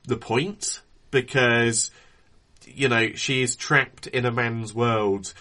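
A man co-hosting a casual film podcast, measured and thoughtful in his takes. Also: mid-range voice, pushed and bright. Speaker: podcast co-host. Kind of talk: casual film review chat.

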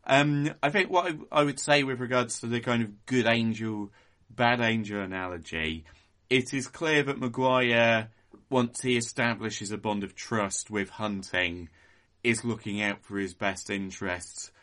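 A man co-hosting a podcast, discussing a film in a measured, analytical way with frequent hedging fillers. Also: mid-range voice, a bit bright. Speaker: podcast co-host.

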